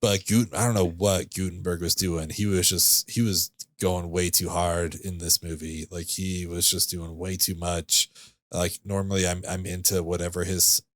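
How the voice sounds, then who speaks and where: Very deep-voiced laid-back man. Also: flat delivery, moderate pace, fairly bright tone, no room sound. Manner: laid-back, rambling, many fillers. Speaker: podcast co-host. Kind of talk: casual film review chat.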